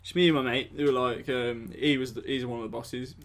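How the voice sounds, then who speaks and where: A man's voice: mid-range voice, fairly even intonation, brisk, fairly bright tone, slight background noise. A young man, chatting bluntly and swearing on a casual podcast. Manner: laid-back, sweary, blunt. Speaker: podcast co-host. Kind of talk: casual chat.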